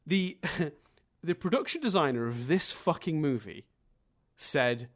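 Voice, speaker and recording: Animated ranting male podcast co-host. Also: on the high side, unhurried. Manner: emphatic, ranting, swears, laughs often. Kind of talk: casual film review chat.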